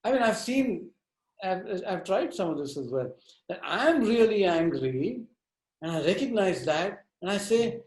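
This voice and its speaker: A man leading an interactive workshop on conflict, talking in a direct, animated and teasing way. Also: high voice, measured pace, echoey room, rough recording. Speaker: workshop trainer.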